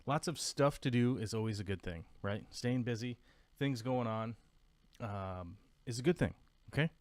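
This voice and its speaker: A man's voice: mid-range voice, normal speed, no echo. Goofy rambling man streaming live. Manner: goofy, rambling, hypes the chat. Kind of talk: casual live stream chat. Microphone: desk microphone.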